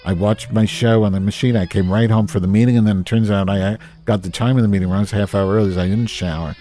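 A man's voice: fairly low pitch, steady tone, quick pace, mellow. Grumpy, profane man ranting. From New Jersey. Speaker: host. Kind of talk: casual ranting monologue.

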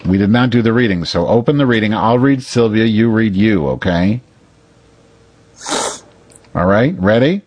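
Low husky guy bickering on a comedy podcast, bossy and teasing, pitch all over the place. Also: lively intonation, moderate pace, pauses often, no room sound, highs cut off. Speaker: podcast co-host. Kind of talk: crude bickering comedy banter.

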